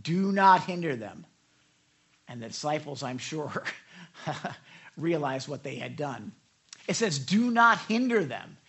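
A man preaching a sermon, telling a story and acting out quoted lines with a conversational, animated delivery and frequent asides to his listeners. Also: measured pace, gravelly. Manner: animated storytelling, acts out quotes with raised pitch. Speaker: pastor.

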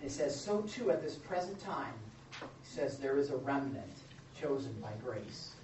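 A male pastor delivers a sermon in a lively way, acting out the scripture quotes and adding playful asides. His voice echoes through a roomy space and comes from some distance from the mic. The sound is dull, with faint background noise. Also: mid-range voice, unhurried. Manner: animated, joking asides, acts out quotes. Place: church or meeting room with a live audience.

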